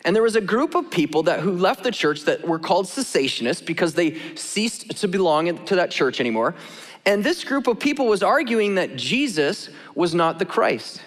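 A man's voice: sits high, big pitch swings, moderate pace. A man preaching a sermon as a pastor in a casual, joking, conversational way. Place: church sanctuary. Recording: long hall reverb.

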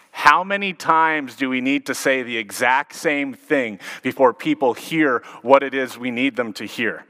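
A man's voice: medium pitch, unhurried, few pauses, bright, forceful tone. A man in his thirties, a pastor giving a sermon, telling stories and acting out quotes. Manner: storytelling with acted-out quotes. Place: church sanctuary. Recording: long reverb of a large hall.

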